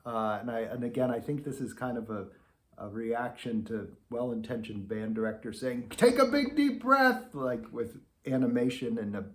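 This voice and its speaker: A man's voice: lowish voice, a little mellow. A man teaching beginner trombone in an easygoing, conversational way, demonstrating as he explains. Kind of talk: relaxed instructional talk to camera. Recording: echoey room.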